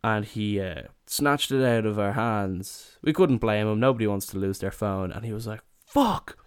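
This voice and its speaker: A young man with a fairly low voice spins a rowdy holiday story, cursing often and throwing himself into the voices of the people in it. The sound is close and dry, with no room around it. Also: normal speed, smooth, no room sound. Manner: swears a lot, acts out quotes in raised voices. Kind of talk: casual comedic anecdote.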